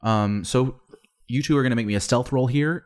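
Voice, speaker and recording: A man running a tabletop game as game master, narrating with many pauses and fillers. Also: mid-range voice.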